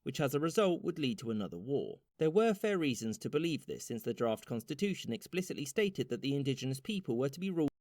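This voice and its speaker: A man narrating a short animated history explainer with wry, brisk timing. His pitch swings widely through each sentence. The sound is close and dry, with no room around it. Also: no echo. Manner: wry, brisk, lively intonation. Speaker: documentary narrator. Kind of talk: scripted narration.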